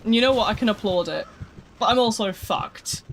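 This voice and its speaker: A young woman talks casually to her stream audience. Her voice sits at a middle pitch. She is animated and profane and often breaks into laughter. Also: brisk, a little hiss or hum. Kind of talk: casual live-stream chat.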